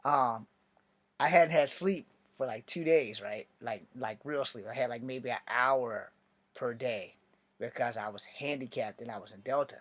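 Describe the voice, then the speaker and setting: A man's voice: mid-range voice, unhurried, a bit bright. A man telling a loose, profane anecdote in a casual, rambling way. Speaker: storyteller.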